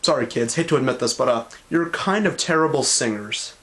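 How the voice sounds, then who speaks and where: A man's voice: medium pitch, animated, a little fast, over music. A man reviewing a cartoon in sarcastic commentary, with an exasperated, mocking manner. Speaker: show reviewer. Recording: echoey room.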